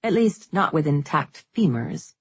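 A woman narrating a fantasy novel as an audiobook, in steady, unhurried storytelling. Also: low voice, slightly rough, no echo.

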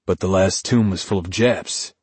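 A man's voice: low voice, normal speed, breathy edge, no echo. A man voicing a hardened, heartless soldier who speaks matter-of-factly. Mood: blunt. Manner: flat, matter-of-fact.

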